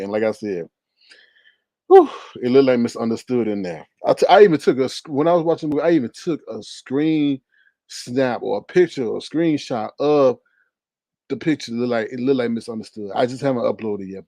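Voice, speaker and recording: A man at a mid pitch, hosting a casual livestream and reading out viewer comments. He is an animated storyteller who laughs often and acts out scenes in high voices. The sound is dry and close, with no room echo.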